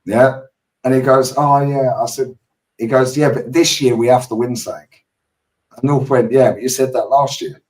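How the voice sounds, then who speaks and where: A London man with a mid-range voice, hosting a football chat stream. He tells stories in quick, animated slang and swears freely. He sounds set back from the mic. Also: mid-range voice, far from the mic, poor audio. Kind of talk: casual chat.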